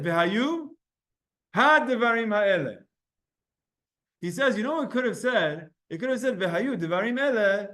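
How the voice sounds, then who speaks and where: A man teaching a Talmud class, explaining in quick bursts, quizzing his students and restarting his sentences often. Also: high voice, a bit bright.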